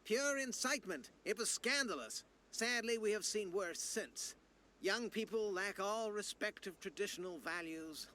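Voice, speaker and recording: Fretful old rector. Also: male voice, high-pitched, lively intonation, unhurried, pushed and bright, exaggerated voice. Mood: fussy. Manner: fussy, disapproving. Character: stuffy old male university rector, fretful. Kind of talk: video game dialogue.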